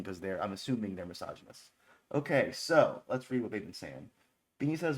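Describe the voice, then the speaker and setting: A man's voice: fairly low pitch, animated, normal speed, long pauses. A man chatting casually on a live stream as he reviews songs, rambling and cracking crude jokes. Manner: rambling, joking, profane.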